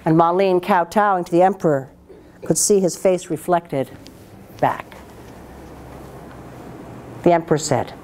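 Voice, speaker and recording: A woman storyteller telling a folktale aloud in a dramatic, expressive way, with voiced sound effects. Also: on the low side, measured pace, pauses often, slight background noise.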